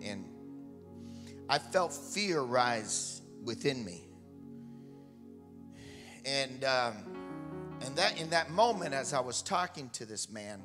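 A male missionary preacher telling a testimony in a sermon, rambling at first and building to fervent shouted preaching. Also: mid-range voice. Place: church sanctuary. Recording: long hall reverb with faint music.

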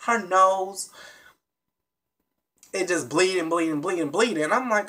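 A vlogger recapping a reality TV episode in a casual, animated and blunt way, with plenty of swearing, talking straight to the viewers. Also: mid-range voice, unhurried, long pauses. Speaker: TV show reviewer.

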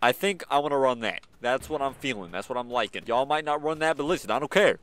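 A young man giving excited, slangy commentary while playing a shooter game, swinging from low mutters to sudden yelps. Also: fast talker. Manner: hyped, slangy, jumps from mumbling to sudden yelps. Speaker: gaming YouTuber.

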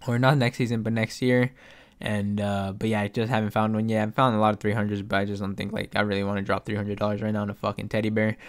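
A young man giving casual live commentary to his viewers, excitable and full of slang and swearing. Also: fairly low pitch, quick pace. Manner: excitable, swears a lot, keeps saying "bro". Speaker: streetwear vlogger.

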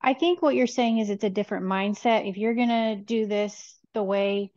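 A woman's voice: medium pitch, normal speed, a little mellow. Hesitant woman caller, dull audio. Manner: hesitant, thoughtful, with fillers. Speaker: caller asking a question. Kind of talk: casual question and discussion.

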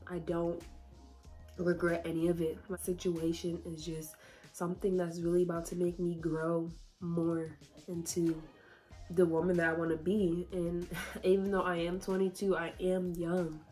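A woman's voice: lowish voice, level tone, measured pace, warm tone, soft background music. A woman, talking casually and emotionally to her viewers, laughing and fighting back tears. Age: 20s. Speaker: YouTuber. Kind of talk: casual vlog talk to viewers.

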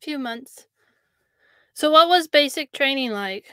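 A woman's voice: high voice, lively intonation, slow pace, a bit bright, no room sound, clean studio sound. A woman hosting a podcast interview, asking questions and reacting with enthusiasm. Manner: enthusiastic, chatty. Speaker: podcast host.

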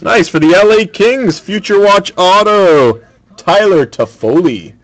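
A man hosting a sports card break, calling out each card pulled in a brisk, matter-of-fact way. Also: high voice, expressive. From Canada.

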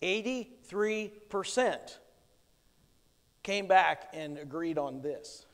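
A male pastor preaches slowly with a high voice and lively intonation, explaining scripture with emphatic, plain conviction. He's in a church sanctuary, and the recording has long church reverb.

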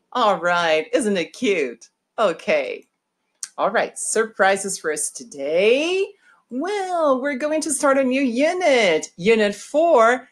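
Slow, animated woman teaching young children. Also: mid-range voice. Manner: exaggerated, sing-song delivery with gasps and switches into Portuguese. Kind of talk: slow, animated online lesson for first graders.

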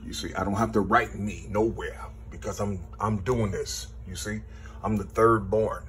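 A man's voice: fairly even intonation, fairly bright tone, slight background noise. A man, rambling through a spiritual numerology monologue, counting numbers half-aloud and repeating "you see". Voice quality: very husky, slow, low-key. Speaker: self-taught numerology teacher.

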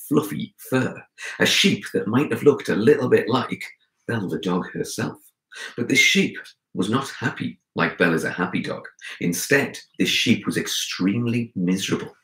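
Animated male storyteller for kids, low and forceful, echoey room. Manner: animated, expressive, speaks to listeners directly. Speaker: children's author and storyteller. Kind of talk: storytelling for children.

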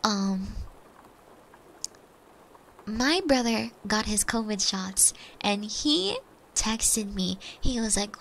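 A young woman streamer telling casual rambling stories during an ASMR stream, swearing freely and slipping into soft whispers. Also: medium pitch, expressive, drawn-out words, vocal fry, pauses often, a little hiss or hum. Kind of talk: chatty ASMR stream storytelling.

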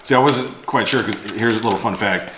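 A man's voice: lowish voice, brisk. A man co-hosting a casual on-camera chat, making short teasing, dry remarks. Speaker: co-host and partner of the host. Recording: roomy echo with clear background noise.

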